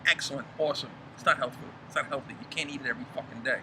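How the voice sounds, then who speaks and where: A man's voice: mid-range voice, rapid-fire, pushed and bright. A middle-aged man ranting in a heated, profane casual chat, recorded outdoors in a backyard. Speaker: podcast co-host. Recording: clear outdoor background noise.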